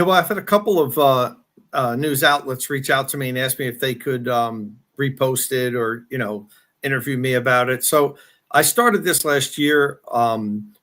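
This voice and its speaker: A man's voice: medium pitch, sharp tone. A man guest on a podcast, explaining his project casually with some fillers. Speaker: podcast guest, channel creator. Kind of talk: casual interview answer.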